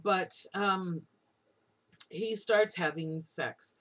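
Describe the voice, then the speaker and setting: A woman's voice: fairly low pitch, extremely slow, a bit bright. A woman lecturer retelling an old myth to a class in a casual storytelling way, with frequent ums and asides.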